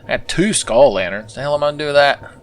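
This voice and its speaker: A man's voice: a little high, quick pace, faint music behind. A man commentating his own gameplay with sarcastic, profane, rambling asides. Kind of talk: let's play commentary.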